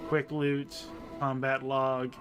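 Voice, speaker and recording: A man's voice: medium pitch, little pitch movement, slow, music in the background. A man giving casual let's play commentary, chatting and reading menus aloud as he plays. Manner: chatty, reads game text aloud and muses over menus. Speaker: game streamer.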